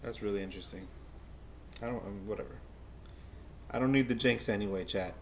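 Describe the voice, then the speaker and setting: A man livestreaming a baseball game as a fan, giving casual play-by-play to his chat, stammering and repeating himself, then bursting out when a play excites him. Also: lowish voice, brisk, a little hiss or hum. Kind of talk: casual live game watch-along commentary.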